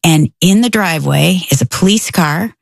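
Middle-aged woman telling a story, low husky voice with gravel, lively, jumps into other people's voices. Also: moderate pace, dry recording, clean studio sound. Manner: animated, breaks into quoted voices. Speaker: storyteller guest. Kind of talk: casual storytelling.

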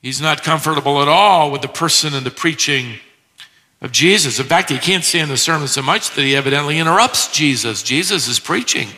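A man's voice: on the high side, brisk, bright, forceful tone, big-room sound. A man preaching an expository sermon in a church, emphatic and full of rhetorical questions.

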